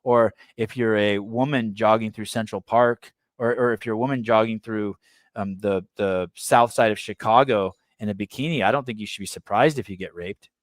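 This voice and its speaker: A man's voice: fairly low pitch, normal speed, no room sound. A man from the San Francisco Bay Area hosting a podcast. He reads a news article aloud and breaks off into blunt, provocative, irreverent asides. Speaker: podcast host.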